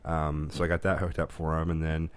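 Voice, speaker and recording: A man with a very deep, low voice tells long family stories at a quick clip. He rambles, restarts sentences and laughs often as he co-hosts a casual podcast chat. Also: monotone, smooth. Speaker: podcast co-host.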